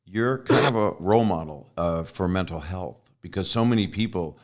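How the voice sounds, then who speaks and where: Male host, low voice, eager, keeps cutting in with questions. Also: lively intonation, normal speed. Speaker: podcast host. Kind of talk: casual interview chat.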